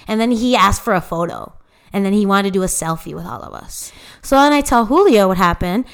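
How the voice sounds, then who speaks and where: Smooth-voiced woman telling a story. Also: mid-range voice, a little fast. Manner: animated retelling with quoted voices, many fillers. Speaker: podcast co-host and DJ. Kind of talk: casual storytelling chat.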